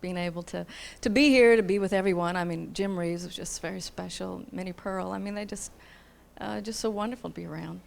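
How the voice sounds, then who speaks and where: A woman's voice: fairly low pitch, fairly quick, vocal fry. A woman from Kentucky, raised in Indiana, chatting as a guest on a stage in a concert hall, laughing easily and trailing off with fillers. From Kentucky, grew up in Indiana. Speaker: guest singer. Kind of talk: casual interview chat.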